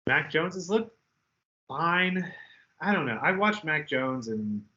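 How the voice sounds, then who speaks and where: Bright-voiced animated man talking sports picks. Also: on the high side, takes it slowly, highs cut off. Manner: animated, mimics people in loud outbursts. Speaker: podcast co-host. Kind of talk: casual sports betting chat.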